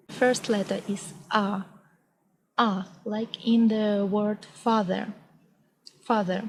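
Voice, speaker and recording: A young woman with a Russian accent, a native Russian speaker, teaching the alphabet in a vlog lesson. She speaks slowly and carefully, saying each example word twice, and records outdoors. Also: mid-range voice, a little mellow, a little hiss or hum, low-quality recording. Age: young adult. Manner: slow and deliberate, repeats each word. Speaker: language teacher. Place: outdoors on a hot day.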